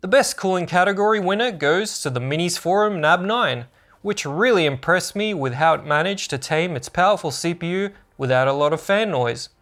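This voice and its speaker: A man's voice: high-pitched, moderate pace, a bit bright. A man narrating a scripted product review as a tech channel host, upbeat and informative.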